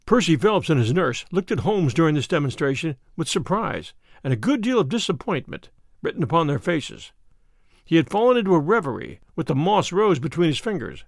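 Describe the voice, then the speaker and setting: A man narrating a story in an even, storytelling way as an audiobook narrator. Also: on the high side, a little fast, dry recording, clean studio sound. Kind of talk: scripted narration.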